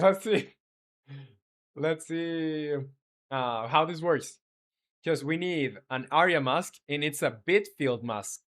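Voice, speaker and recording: A non-native English-speaking man streams live as a game developer, thinking aloud as he codes and chatting with viewers in halting, filler-heavy speech. His voice sits a little high with a fairly bright tone.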